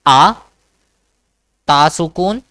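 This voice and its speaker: A man teaches Quran reading in a one-to-one online lesson, slowly repeating each sound and checking in with "okay?" His voice is smooth and clear, and the sound is dry and close. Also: a little high, lively intonation, pushed and bright, no echo. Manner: patient, repetitive, checks understanding with "okay?". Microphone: video call.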